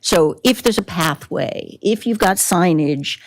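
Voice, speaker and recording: A plant society board member addresses a city committee, her voice slightly low. She explains in a friendly, conversational manner. She sounds at ease as she speaks. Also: animated, unhurried, no echo, rough recording. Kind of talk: public comment at committee meeting.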